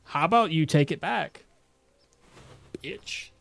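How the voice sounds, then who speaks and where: A young man streaming a survival game, chatting loosely and telling a profane story with sudden loud outbursts. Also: fairly high pitch, expressive, normal speed, faint music behind. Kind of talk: casual gameplay commentary.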